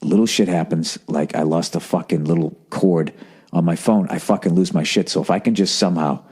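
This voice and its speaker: A man's voice: sits low, brisk, a little mellow, husky. A man in his forties from the United States, a podcast host and comedian, rambling in a profane, self-mocking monologue. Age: 40s.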